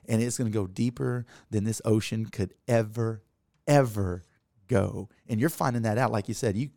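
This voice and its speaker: A man's voice: mid-range voice, vocal fry, darkish tone, no room sound, clean studio sound. A man hosting a faith interview, rambling and repeating words with enthusiasm. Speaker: podcast host. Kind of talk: casual interview.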